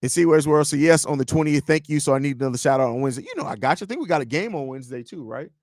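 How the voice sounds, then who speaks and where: A man's voice: a little high, lively intonation, very fast, a little mellow, dry recording, studio quality. A man in his thirties hosting a live sports podcast, chatting loosely and telling jokey stories with swearing. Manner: loose, joking, storytelling with swearing. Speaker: podcast host. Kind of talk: casual live-stream chat.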